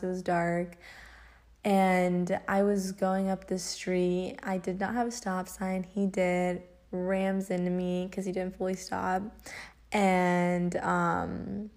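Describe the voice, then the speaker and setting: A young adult woman with a lowish, slightly mellow voice hosts a casual podcast, telling stories chattily, swearing often, and laughing along the way.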